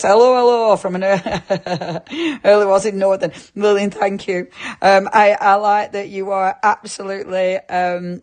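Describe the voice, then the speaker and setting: A woman's voice: fairly low pitch, darkish tone. A woman presenting a live craft shopping show, chatting and giggling as she reads viewer comments.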